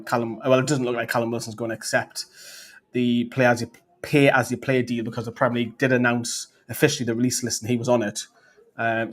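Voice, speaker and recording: A man rambles through a live fan stream, reading comments and chatting about the club. His talk is loose and casual, full of fillers and restarts, at a middling pitch. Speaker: fan channel host.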